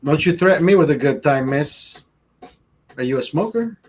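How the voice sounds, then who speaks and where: A man's voice: a little high, lively intonation, moderate pace, a little hiss or hum. A man hosting a casual livestream, chatting with viewers in a rambling, profane and giggly way. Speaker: livestream host.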